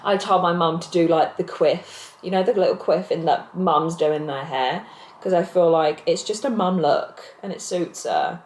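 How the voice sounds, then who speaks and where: A woman's voice: on the low side, normal speed, a little mellow, roomy sound, poor audio. Breathless pregnant woman vlogging. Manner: candid, rambling, self-interrupting. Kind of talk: casual confessional vlog. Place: home, seated on a squeaky chair. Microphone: camera mic.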